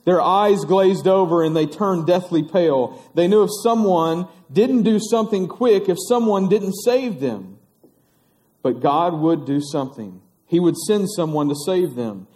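A man, teaching children on a stage as they act out a story. He is animated, stretches words for drama and laughs often. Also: high-pitched, measured pace.

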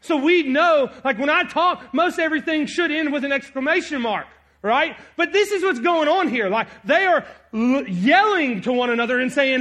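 A man preaching a sermon, reading scripture aloud and swinging between loud emphasis and quiet asides. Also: extremely high pitch, lively intonation, moderate pace, few pauses. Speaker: pastor.

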